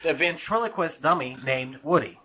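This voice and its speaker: Bright-voiced man telling a story. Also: fairly high pitch, moderate pace, a little hiss or hum. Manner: animated storyteller, swearing, acting out quotes. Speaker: podcast co-host. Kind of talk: casual podcast chat.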